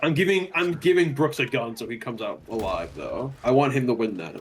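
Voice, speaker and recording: A man's voice: medium pitch, animated, brisk, a little hiss or hum. A man co-streaming a game, joking and chatting casually, sometimes swearing. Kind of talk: casual chat while gaming.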